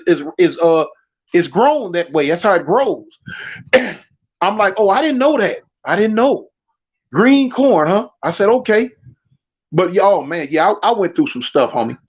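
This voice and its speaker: A man with a Californian accent, casually telling funny stories and acting out the voices of the people in them. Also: on the high side. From Southern California. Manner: animated, laughing, acts out quoted voices. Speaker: storyteller guest. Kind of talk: casual storytelling. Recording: dull lo-fi stream audio.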